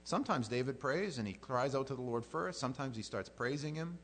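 A man's voice: medium pitch, lively intonation, a little fast, fairly bright tone. Middle-aged guy preaching, chatty and jokey, does little voices for quotes, faint hum behind. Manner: folksy, jokey, acts out quotes in a silly voice. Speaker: pastor. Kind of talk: conversational Bible teaching.

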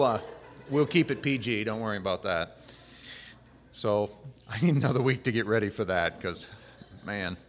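A man with a lowish voice gives a sermon from the front of a church, talking casually rather than preaching loudly. He rambles a little, with plenty of fillers. His voice rings out in a long, hall-like reverb. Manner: relaxed, plain-spoken, rambling with fillers. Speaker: pastor.

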